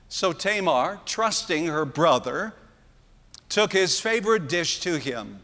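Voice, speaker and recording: Male preacher, sermon storytelling, high pitch, slow, echoey hall. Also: lively intonation, fairly bright tone. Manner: earnest storytelling with dramatic pauses. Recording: long hall reverb.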